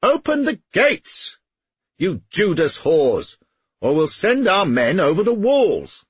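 A man voicing a coarse, boastful veteran knight who bellows and scorns, with a husky voice. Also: fairly low pitch, wildly swooping pitch, moderate pace, no echo, muffled recording, pitched above the performer's own voice, heavily acted. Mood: bellowing.

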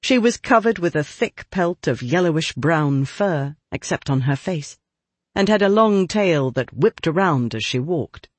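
Lively, husky male storyteller. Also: a little high, unhurried, dry recording. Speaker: audiobook narrator. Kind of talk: scripted narration.

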